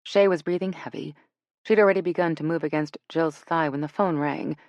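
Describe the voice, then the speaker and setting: Female audiobook narrator, relaxed and expressive, dry close sound. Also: low-pitched, a little fast, no room sound, lo-fi sound. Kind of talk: scripted narration.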